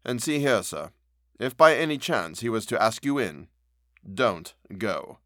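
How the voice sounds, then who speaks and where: A man's voice: mid-range voice, sing-song, measured pace, a bit bright, no room sound, studio quality. A man voicing an anxious, loyal old male butler in a storybook reading, speaking harshly and urgently. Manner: harsh, broken, urgent pleading.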